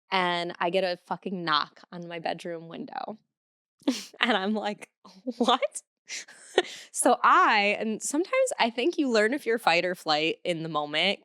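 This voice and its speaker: Her voice is lowish, smooth and fairly bright, recorded in a clean studio with no echo. She's a thirtysomething podcast host from Cleveland, USA, telling stories candidly in casual chat and cursing a lot.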